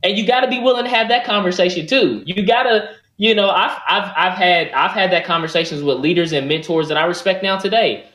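A man sharing career advice on a video call, animated and prone to repeating words when emphatic. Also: sits high, a little fast, hardly any pauses. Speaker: panelist. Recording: roomy echo on a call.

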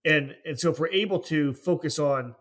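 A man hosting a marketing podcast, upbeat and clear as he sums up ideas and moves to the next topic. His tone is bright and his pitch sits somewhat high. He speaks in a relaxed, conversational way. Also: normal speed. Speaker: podcast host. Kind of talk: interview hosting.

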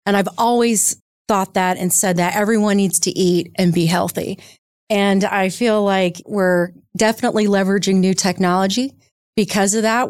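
A woman, a startup founder, answering questions in an interview in a lively, explanatory, conversational way. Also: mid-range voice, no room sound, studio quality. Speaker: guest, startup co-founder and CEO.

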